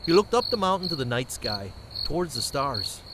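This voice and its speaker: A man narrating a homemade fantasy tale in a plain, steady voice that sits slightly high. Crickets and clear noise run behind him throughout. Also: moderate pace. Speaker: storyteller. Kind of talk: amateur fantasy storytelling.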